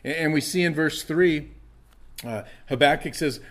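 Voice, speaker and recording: A man's voice: a little high, normal speed. A middle-aged man, a pastor, preaching a sermon and acting out anguished prayers with rising intensity.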